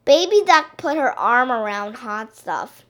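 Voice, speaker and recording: Slow, expressive woman reading a storybook. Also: on the high side. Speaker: picture-book reader.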